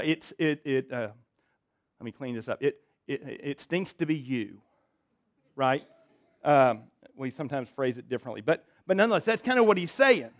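Male pastor, fairly high voice, delivering a casual, folksy sermon full of asides and self-corrections. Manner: conversational and folksy, with frequent restarts and asides. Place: church sanctuary.

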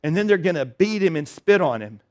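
A middle-aged man delivers a sermon, his voice sitting slightly higher than most men's. He talks earnestly and conversationally, stumbling over restarts. He rises to loud declarations and falls to quiet, low passages. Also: very animated, a little fast. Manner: earnest, conversational preaching with many restarts and swings between loud and soft. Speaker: pastor.

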